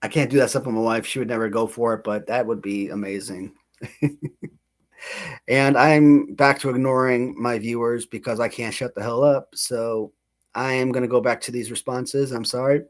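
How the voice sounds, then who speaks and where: A man's voice: medium pitch, steady tone, moderate pace. Man, thirties, channel host, casual livestream chat, rambling, self-mocking, laughs a lot.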